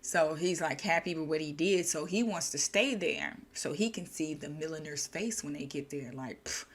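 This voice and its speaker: A woman's voice: low-pitched, normal speed, breathy edge. Chatty woman retelling a story. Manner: loose, chatty retelling with restarts and slang. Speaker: storyteller and channel host.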